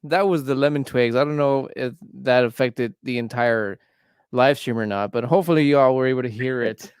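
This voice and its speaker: Male livestream host, casual rambler, smooth resonant tone, dry close sound. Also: mid-range voice, a little fast, no echo. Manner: rambling, heavy on "like" fillers. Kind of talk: casual chat.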